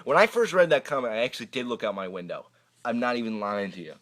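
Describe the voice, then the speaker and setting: A man's voice: medium pitch, lively intonation, fast talker, slight background noise. Young man rambling through viewer questions. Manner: rambling, chatty, frequent hesitant repeats. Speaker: YouTube magic channel host. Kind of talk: casual Q&A vlog. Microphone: camera microphone.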